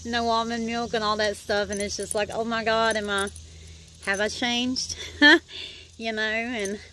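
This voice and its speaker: A woman's voice: lowish voice, fairly bright tone, a little hiss or hum. Chatty middle-aged woman rambling to viewers. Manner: rambling and chatty, drawn-out "like" and "um" fillers, addresses viewers as "y'all". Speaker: vlogger. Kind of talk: casual personal video diary.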